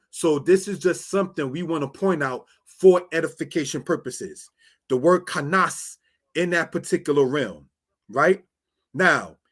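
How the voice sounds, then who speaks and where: Man, Bible Hebrew teacher, slightly high voice, slow and repetitive, screen-share lesson. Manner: slow, repetitive, "all right?" and "brothers and sisters".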